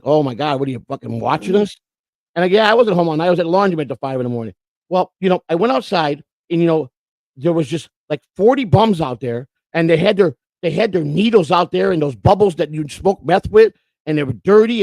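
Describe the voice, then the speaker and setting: A man's voice: a little high, darkish tone, no room sound. A man from Florida co-hosting a casual livestream, telling long rambling stories and swearing freely. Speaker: co-host.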